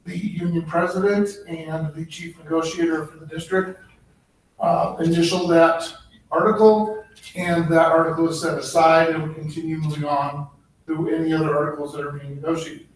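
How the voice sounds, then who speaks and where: A man presenting at a board meeting, halting with many ums and restarts, his voice a little worn. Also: a little high, little pitch movement. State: slightly losing his voice. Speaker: human resources director. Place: public board meeting room. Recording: echoey room, distant mic, faint noise.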